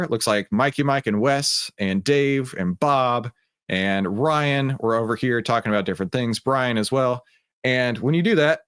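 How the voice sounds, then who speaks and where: A man's voice: medium pitch, no echo, clean studio sound. A middle-aged man with a Texan accent hosts a livestreamed trading room, talking casually with lots of fillers. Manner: casual and chatty, many fillers.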